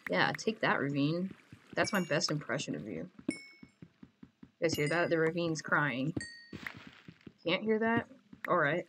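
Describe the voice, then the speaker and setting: A woman's voice: low voice, expressive, a little slow, long pauses. Woman gamer, chatty and jokey, talks to herself while playing, laughs easily, faint hiss behind. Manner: playful, jokey and giggly, talking to herself. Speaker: Minecraft player. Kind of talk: casual gameplay commentary.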